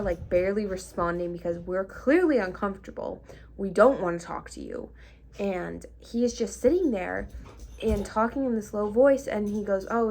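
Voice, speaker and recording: A woman's voice: mid-range voice, gravelly, slight background noise. A young woman vlogger telling a casual storytime, chatty and full of likes and ums. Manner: chatty, lots of likes and ums, half-laughing.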